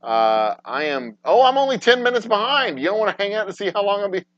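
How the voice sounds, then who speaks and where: Animated ranting man on a lo-fi mic. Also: sits high, fairly quick, no echo. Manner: profane, ranting, swings from mumbling to loud outbursts. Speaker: podcast host. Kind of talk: casual livestream chat. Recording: dry, dull lo-fi sound.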